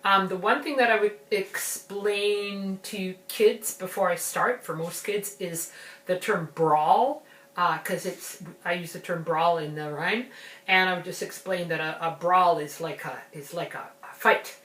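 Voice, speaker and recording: Slow-talking woman explaining a children's rhyme. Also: fairly low pitch, fairly bright tone. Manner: chatty, unhurried, explanatory. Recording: roomy, from a distance.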